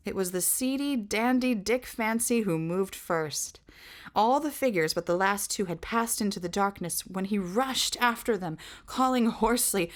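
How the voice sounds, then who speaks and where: A woman reads a fantasy novel aloud, narrating in a measured, expressive manner. Her delivery is that of a storybook reader taking her time over each passage. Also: mid-range voice.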